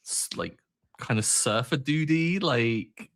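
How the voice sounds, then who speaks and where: A man co-hosting a podcast, chatting casually about a film with animated, exaggerated outrage and rambling asides. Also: mid-range voice, slow pace, vocal fry. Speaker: podcast co-host.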